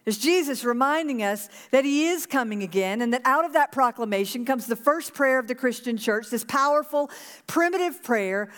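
A woman's voice: sits high, animated, moderate pace, in a large hall. A woman pastor preaching a sermon to her congregation, earnest and urging them to repeat a prayer. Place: church sanctuary.

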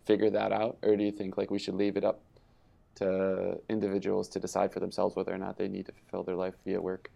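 A young man with a very deep voice with a heavy gravelly fry. He co-hosts an easygoing podcast chat and laughs often. He tosses teasing asides to the listeners. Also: monotone, fast, mellow. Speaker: podcast co-host. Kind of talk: casual conversation.

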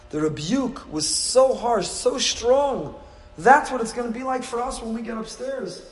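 A man's voice: high voice, expressive, measured pace, echoey room, poor audio. Man preaching with rhetorical questions. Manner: rhetorical questions, repetition, dramatic swings in volume; storytelling, acts out quoted voices. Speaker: rabbi. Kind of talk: sermon.

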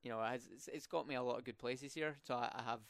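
A young Scottish man with rolling R's talks casually in a student podcast interview. His voice is smooth and resonant, picked up dry and close with no room sound. He often fills pauses and restarts his sentences. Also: medium pitch, steady tone, a bit bright, dry recording. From Scotland. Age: young adult. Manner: rolled R's, many fillers and restarts.

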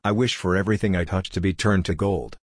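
A man voicing a greedy, excitable king in a storybook, eager and pleading, with a low, husky voice. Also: fast, no room sound, studio quality.

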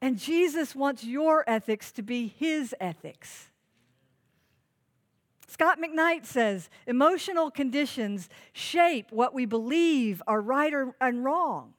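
Woman, pastor, sermon, high voice, earnest, emphatic, rhetorical questions. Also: animated, takes it slowly.

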